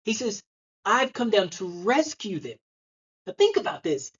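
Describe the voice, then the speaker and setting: A man's voice: high-pitched, big pitch swings, measured pace, a bit bright, breathy edge, dull audio. A man preaching a sermon, telling a story and acting out the people in it. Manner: storytelling, acts out the voices in his story. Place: church.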